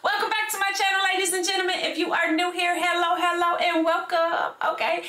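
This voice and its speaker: Chatty woman host with bright voice. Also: extremely high pitch, little pitch movement, brisk, echoey room. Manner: chatty, repeats "okay?" and "y'all" often. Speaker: reaction video host. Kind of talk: casual reaction vlog chat.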